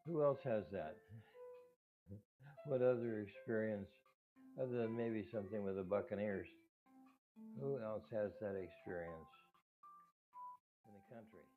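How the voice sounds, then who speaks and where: An older man who runs a cat rescue talks casually and rambles, with restarts and soft laughs. His words whistle because he is not wearing his dentures. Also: fairly low pitch, unhurried, pauses often. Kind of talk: casual talk to camera. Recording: tinny phone-like sound with faint music.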